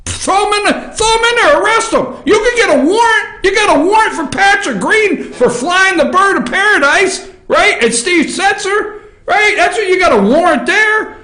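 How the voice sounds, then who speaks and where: A man hosting an opinion show, ranting loudly and animatedly about local news and often breaking into laughter. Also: extremely high pitch, animated, normal speed, echoey room. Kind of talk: excitable political commentary.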